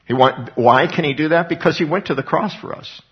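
A man's voice: on the high side, brisk, slightly rough, dull audio. A man preaching a sermon as pastor, earnest and conversational, often repeating his words.

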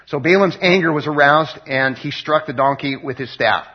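A man with a fairly high, husky voice talks through a Bible story in a loose, chatty way. He reads verses aloud and retells them with lots of fillers and restarts. The recording sounds dull and lo-fi. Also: normal speed. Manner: conversational, rambling with many fillers and restarts. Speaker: Bible teacher. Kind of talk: casual Bible teaching.

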